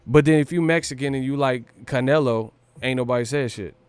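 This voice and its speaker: A man's voice: medium pitch, fairly quick, darkish tone, clean tone, no room sound. A man from California hosting a boxing livestream, brash and profane, riffing hard and breaking into laughter and sung lines. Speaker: boxing stream host. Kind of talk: casual livestream rant.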